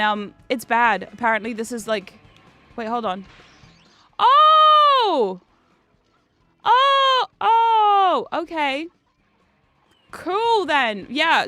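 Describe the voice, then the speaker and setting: Chatty high-voiced woman streaming a game. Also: fairly bright tone. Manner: chatty, swears freely, laughs often. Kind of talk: casual gaming stream chat. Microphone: desk microphone.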